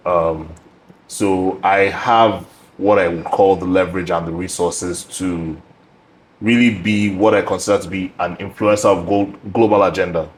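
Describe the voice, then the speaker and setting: A young man with a very low voice, hosting his own podcast and thinking out loud. He speaks in a measured, reflective way, pausing on ums and starting sentences again. A faint hiss of background noise sits under the recording. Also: steady tone, low-quality recording. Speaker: podcast host. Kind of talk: casual interview chat.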